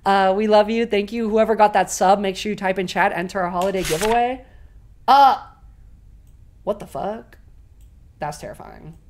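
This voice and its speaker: A young woman streaming a video game, swearing constantly and swinging between loud shrieks and quiet mumbling as she plays. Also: medium pitch, moderate pace, long pauses. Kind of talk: casual game commentary.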